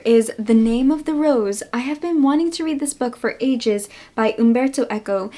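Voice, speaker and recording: A woman's voice: fairly high pitch, darkish tone. Gushing young woman book vlogger. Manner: gushing, grateful, lots of "oh my gosh" and "um". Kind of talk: casual book haul chat.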